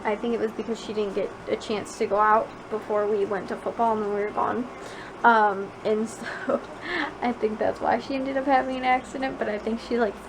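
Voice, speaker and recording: Young woman vlogger rambling with "like"s. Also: on the high side. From Chicago suburbs, USA. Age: young adult. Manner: rambling, filler-heavy, with many "like"s. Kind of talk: casual chat to camera. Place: bedroom at home at night. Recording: noisy home recording.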